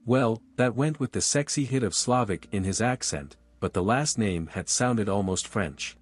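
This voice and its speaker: A man narrating a romance audiobook with smooth, even storytelling. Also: fairly low pitch, normal speed, dry recording, soft background music.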